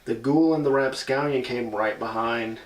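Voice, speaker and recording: A man reads a children's storybook aloud in an old house and breaks off now and then for playful asides to his listeners. His voice has an ordinary middle pitch. The sound is roomy and comes from some distance away from the microphone. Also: moderate pace. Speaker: paranormal investigator.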